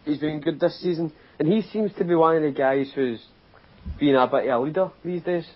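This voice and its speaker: A man's voice: on the high side, a little fast, muffled recording. A Scottish man giving plain, matter-of-fact football analysis on a casual podcast. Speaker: podcast co-host.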